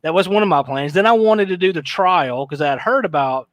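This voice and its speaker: Casting: man, rambling profane storyteller, slightly high voice, dry close mic. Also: lively intonation, a little fast, no room sound. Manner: rambling, profane, laughs often, mimics voices. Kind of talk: casual storytelling chat.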